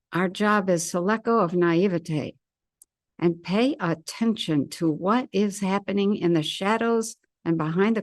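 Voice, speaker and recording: A woman giving a solo commentary as an intuitive commentator, measured and deliberate, with firm opinions. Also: medium pitch, dry recording, studio quality.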